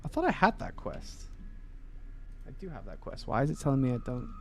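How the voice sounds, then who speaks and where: A man's voice: mid-range voice, wildly swooping pitch, brisk, vocal fry, a little hiss or hum. A man chatting casually while playing a video game, rambling with many fillers and restarts. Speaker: game streamer. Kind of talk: casual chat while gaming.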